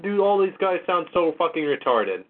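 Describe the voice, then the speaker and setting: A man's voice: fairly high pitch, sing-song, moderate pace. A man hosting a casual call-in show, exasperated and mocking, swearing often. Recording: tinny phone-line audio.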